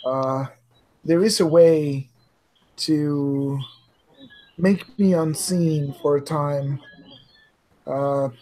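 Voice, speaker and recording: A man playing a tabletop game over a video call, talking hesitantly with many pauses and fillers. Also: on the high side, fairly even intonation, dark tone. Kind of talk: casual game chat.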